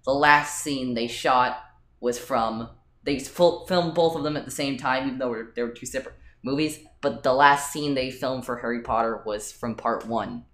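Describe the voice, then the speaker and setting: A man's voice: mid-range voice, moderate pace, a bit bright. Hesitant man chatting in a roomy space. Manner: hesitant, many ums and restarts. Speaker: podcast co-host. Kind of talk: casual chat. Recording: roomy echo.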